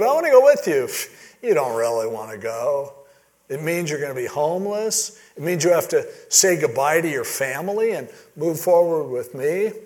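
A man preaching in a relaxed, chatty way, slipping into animated voices whenever he quotes someone. His voice sits a little higher than most men's. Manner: conversational, animated retelling with acted-out quotes. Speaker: pastor. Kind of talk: sermon.

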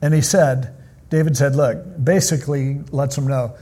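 Husky-voiced male pastor preaching. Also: medium pitch, moderate pace. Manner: animated, conversational storytelling. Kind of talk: sermon.

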